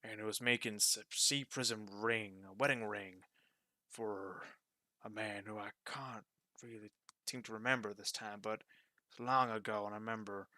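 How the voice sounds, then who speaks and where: Man playing a large gem shop boss, polite to buyers, shouts at staff, bright dry voice. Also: fairly low pitch, steady tone, moderate pace, dry recording. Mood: musing. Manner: bellowing, then smooth and polite to customers.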